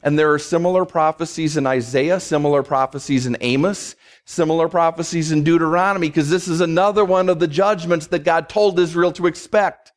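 A man preaching an expository sermon in a conversational, emphatic way, slowing down to stress key words and briefly voicing quoted speakers. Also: on the high side, steady tone. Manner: voices God and others in quick asides. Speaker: pastor.

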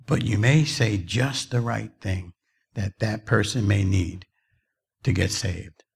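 A man's voice: on the low side, slow pace, vocal fry, slightly rough. A middle-aged man preaching a sermon, telling stories and rising to fervent emphasis. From New Jersey.

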